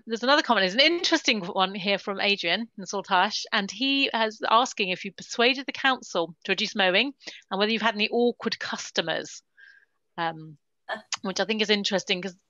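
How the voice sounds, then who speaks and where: Bright-voiced woman hosting a webinar. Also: mid-range voice, dry recording, highs cut off. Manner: chatty, relays audience questions with many ums. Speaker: webinar host. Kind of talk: moderating a webinar Q&A. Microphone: video call.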